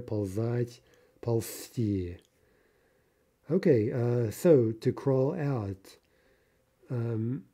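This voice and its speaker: A man's voice: medium pitch, dark tone. A man teaching Russian vocabulary, reading example sentences, translating them and explaining them with frequent "okay" and "right". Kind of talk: vocabulary lesson.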